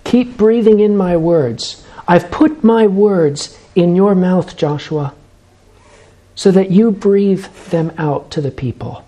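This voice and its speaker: A man preaching a sermon, measured and emphatic, slowing down to stress key phrases. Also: sits high, mellow.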